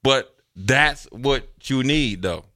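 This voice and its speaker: A man on a sports talk show spins loose, chatty stories from his playing days. His voice is bright and forceful at a middle pitch, and he jumps into the voices of coaches and teammates as he tells it. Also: takes it slowly. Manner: animated storyteller, acts out quotes, loose and chatty. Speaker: sports radio co-host, former NFL player. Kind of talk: casual sports talk storytelling.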